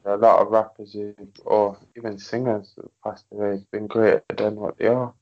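A man with an English accent, a rapper guest in casual chat, relaxed and hesitant, laughing easily. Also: lowish voice, moderate pace, highs cut off. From England.

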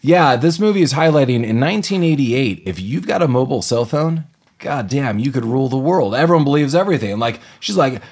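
A man co-hosting a casual podcast, retelling a movie with plenty of energy. His voice sits at an ordinary middle pitch, and he slips into quick voices for the characters. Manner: animated retelling with acted-out quotes. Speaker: podcast co-host. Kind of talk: casual movie recap chat.

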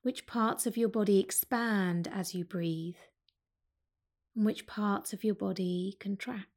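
A woman teaching yoga, speaking slowly and calmly as she guides a breath meditation. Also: medium pitch. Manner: slow, calm and soothing.

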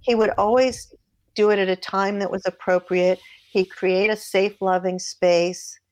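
Animated woman giving relationship advice. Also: medium pitch, measured pace. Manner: animated, acts out dialogue in her stories. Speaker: relationship author and guest. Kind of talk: advice-giving podcast conversation.

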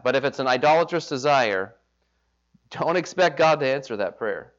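A man's voice: medium pitch, expressive, normal speed. A man preaching a sermon as pastor, talking in a conversational way and acting out the voices of people he quotes. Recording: slightly dull lo-fi sound.

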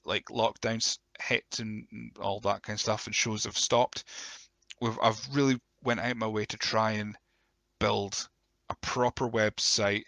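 A man hosting a live solo podcast, with a croaky voice, chatting in an excitable, rambling way and often correcting himself. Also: mid-range voice, dry recording. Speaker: podcast host.

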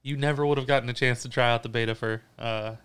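A man's voice: mid-range voice, steady tone, fast talker, fairly bright tone, smooth. Dry, teasing man co-hosting a podcast. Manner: dry, teasing, hesitant with fillers. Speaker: podcast co-host. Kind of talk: casual chat.

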